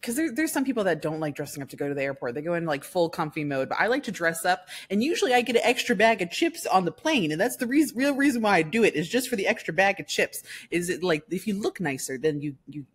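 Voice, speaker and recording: A woman co-hosting a casual podcast, bubbly and excitable, rambling along in a playful put-on showy voice. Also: on the low side, fast, hardly any pauses, breathy edge. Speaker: podcast co-host. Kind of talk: casual chat.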